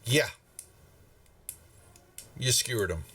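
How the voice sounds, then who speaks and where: A man's voice: medium pitch, animated, takes it slowly, bright, forceful tone, distant mic. A man, narrating a tabletop game as game master in a casual, rambling way. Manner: casual and rambling, with many fillers.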